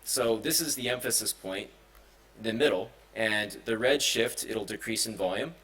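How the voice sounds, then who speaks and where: A man's voice: on the low side, moderate pace, fairly bright tone, rough recording. Man giving a casual tech talk. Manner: casual, many fillers and restarts. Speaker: conference speaker. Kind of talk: technical presentation. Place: conference hall.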